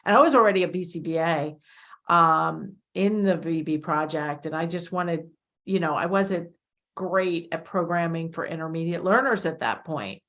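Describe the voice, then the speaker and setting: A woman's voice: deep voice, normal speed, fairly bright tone. A middle-aged woman, a behavior analyst hosting an interview, talks in a rambling way and often corrects herself mid-sentence. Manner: rambling, self-correcting, chatty. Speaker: podcast host, behavior analyst. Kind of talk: conversational interview.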